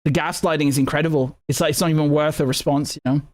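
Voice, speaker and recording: A man's voice: on the high side, fairly even intonation, fast. A man hosting a live news commentary, talking indignantly with many stammered restarts and rhetorical questions. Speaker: political commentator and host.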